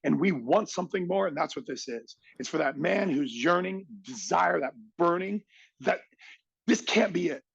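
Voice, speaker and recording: A man's voice: high voice, animated, moderate pace, gravelly, fairly bright tone, slightly rough, dull audio. A middle-aged man, a podcast guest, tells a motivational story with emphatic energy and acts out other people's lines.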